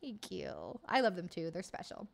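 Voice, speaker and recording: Bubbly woman streamer, lively pitch. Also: moderate pace, creaky. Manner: bubbly, swears freely, laughs often. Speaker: livestream host. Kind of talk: casual chat reading live comments.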